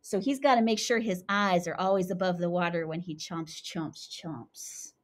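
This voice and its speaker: A young woman teaching young children, animated and sing-song as she chants rhymes and talks through each step. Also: fairly low pitch, moderate pace. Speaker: kindergarten teacher.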